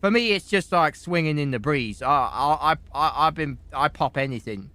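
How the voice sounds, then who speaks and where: A man playing a rambling, shameless drug-addled defendant in an improvised game roleplay, stammering and excitable. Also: a little high, moderate pace, dry recording. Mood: boastful.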